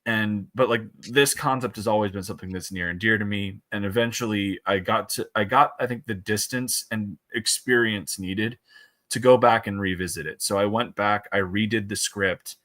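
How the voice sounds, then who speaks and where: Low, forceful male guest, rambling and animated, dry close mic. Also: moderate pace, no echo. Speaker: comic book creator, podcast guest. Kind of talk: casual chat.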